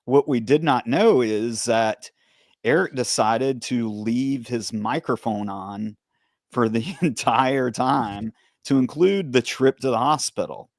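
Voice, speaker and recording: A man of middle pitch hosts a podcast with a steady way of talking, asking questions and recounting his side of the events. His voice sits close to the mic with a dry, dead sound. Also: takes it slowly, dry recording. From United States. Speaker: podcast host, former police officer. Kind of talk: interview conversation.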